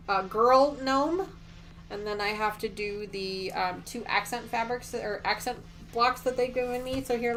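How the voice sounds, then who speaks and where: A woman with a fairly high voice hosts a casual quilting livestream. She chats and gushes as she shows her work and answers viewer comments. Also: a bit bright. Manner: gushing and chatty, reads viewer comments aloud. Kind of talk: casual livestream chat while sewing.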